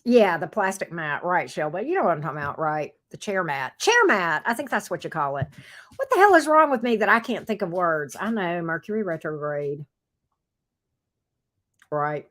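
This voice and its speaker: Chatty woman with lively pitch. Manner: chatty, reads out and answers viewer comments, coos at her dog. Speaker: tarot reader and livestream host. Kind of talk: casual livestream chat with viewers. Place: home office room.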